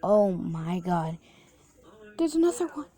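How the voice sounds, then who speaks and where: A nervous boy camper, played by a woman, who stammers and trips over his words. He speaks quietly, in a soft, dark tone. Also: lowish voice, steady tone, slow pace. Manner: stammering, shaky.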